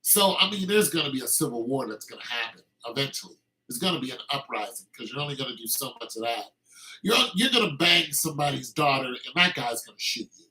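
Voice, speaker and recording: A man hosting a podcast gives an opinionated, casual monologue, heated and emphatic with frequent restarts. His voice is medium-pitched, bright, and forceful, and the audio quality is poor.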